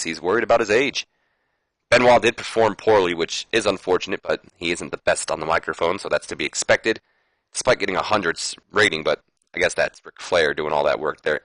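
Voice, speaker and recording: A man's voice: low voice, sharp tone, no room sound, low-quality recording. A man casually commenting on a wrestling management game, chatty and prone to swearing. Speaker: gameplay commentator. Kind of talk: casual let's-play commentary.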